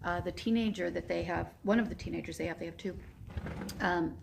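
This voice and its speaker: A woman's voice: on the low side, fairly quick, vocal fry, noisy background. A woman in her fifties giving a casual, emotional video update, rambling and laughing often. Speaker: horse sanctuary founder. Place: Walnut Creek area.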